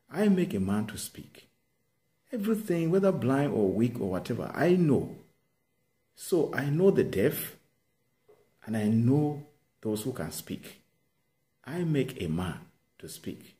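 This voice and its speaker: A man's voice: mid-range voice, very animated, measured pace, long pauses, mellow, voice pushed up. A man preaching, voicing God as a commanding, reassuring divine figure who repeats his promises insistently. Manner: emphatic, insistent repetition. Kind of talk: sermon with acted quotes.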